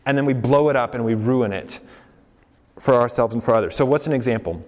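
A man's voice: mid-range voice, fast, darkish tone. A young man preaching a sermon in a conversational way, asking the congregation questions and laughing along with them. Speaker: pastor. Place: church hall with congregation. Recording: long hall reverb.

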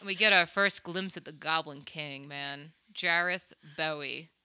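With a deep, smooth voice and a measured pace, this podcast host gives a chatty movie recap. The young woman animatedly retells a scene in a casual way, slipping into quoted voices and breaking into laughs.

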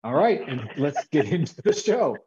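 A man co-hosting a casual podcast, upbeat and playful, moving easily between a scripted business pitch and loose banter. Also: normal speed, dull audio, noisy background. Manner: upbeat, animated, playful delivery. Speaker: podcast co-host.

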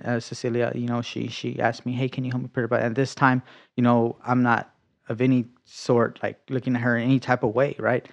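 A man at an ordinary pitch tells his faith story in an easygoing, conversational way, full of life, playing out his own past words and sometimes sinking to a whisper. The sound is a bit dull and lo-fi. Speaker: guest sharing a faith testimony. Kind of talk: casual conversational testimony.

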